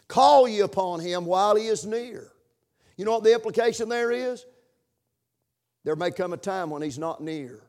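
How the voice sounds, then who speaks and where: A man preaching in church with a somewhat high voice. He builds to loud, emphatic lines, then drops to quiet asides to the congregation. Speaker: pastor. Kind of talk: sermon.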